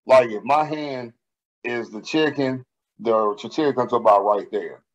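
A man co-hosting a podcast, telling stories in a profane, animated way during casual banter. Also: medium pitch, a little slow, highs cut off. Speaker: podcast co-host.

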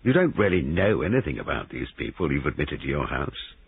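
A man voicing a brisk, persistent police sergeant investigating a murder in a storybook reading. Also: a bass voice, very animated, creaky, slightly rough, heavily acted. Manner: persistent and formal. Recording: tinny band-limited recording.

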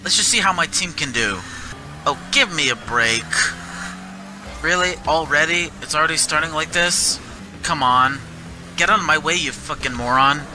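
A man's voice: on the high side, moderate pace. A man giving gameplay commentary, ranting angrily and cursing constantly at his teammates and the game. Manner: angry profane ranting, frequent cursing. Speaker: gamer. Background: game music.

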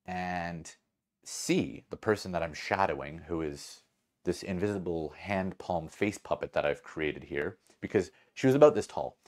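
A man hosting a podcast and telling a story casually, with an animated, rambling delivery full of self-corrections. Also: sits low, a little slow. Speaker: podcast host.

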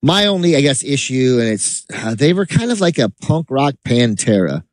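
A man co-hosting a casual podcast chat, telling rambling, animated stories with laughs. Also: mid-range voice, moderate pace, dry recording. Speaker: podcast co-host.

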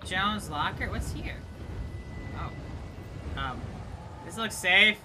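A man hosting a let's play gaming video, commenting with excitable, jumpy reactions and exclamations. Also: extremely high pitch, slow pace, long pauses, a little hiss or hum.

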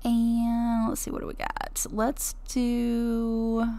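A young adult woman hosting a life-sim Let's Play, chatting excitably and giggling as she plays. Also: fairly high pitch, slow pace, no echo. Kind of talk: game commentary.

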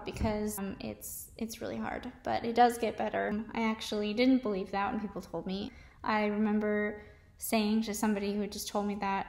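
A young woman with a slightly high voice shares her own story in a candid, confessional way. She restarts and trails off often. The recording has a noticeable room echo. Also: steady tone, darkish tone. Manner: halting and confessional, with many restarts and fillers. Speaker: mom vlogger sharing her story. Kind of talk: candid personal testimony.

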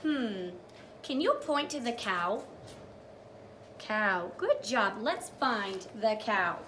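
A woman's voice: fairly high pitch, big pitch swings, a bit bright, a little hiss or hum. A young woman teacher reading a picture book to small children, sing-song and encouraging, praising each step and acting out animal sounds. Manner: drawn-out storytelling with animal sounds.

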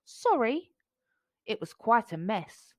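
A woman reading a children's picture book aloud in a slow, playful and expressive way. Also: mid-range voice, no room sound. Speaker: storybook reader.

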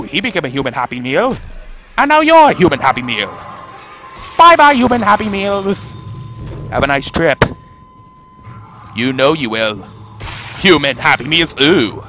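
A young man giving comedic gameplay commentary, goofy and jokey with loud shrieking outbursts. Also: fairly high pitch, very animated, unhurried, long pauses, soft background music. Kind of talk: comedic let's play commentary.

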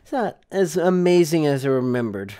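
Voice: medium pitch, moderate pace, faint music behind. A let's-play gamer reading game dialogue aloud and chatting between lines. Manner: animated, chatty reading with asides.

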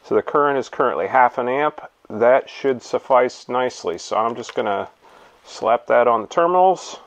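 A man hosting a casual hands-on demonstration in his home garage, relaxed and thinking aloud as he works. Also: mid-range voice, moderate pace. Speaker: video host.

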